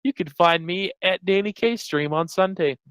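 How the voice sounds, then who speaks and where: Smooth, slightly high male guest. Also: normal speed, a bit bright, no room sound, rough recording. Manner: playful, wisecracking. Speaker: streamer guest. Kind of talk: casual stream chat.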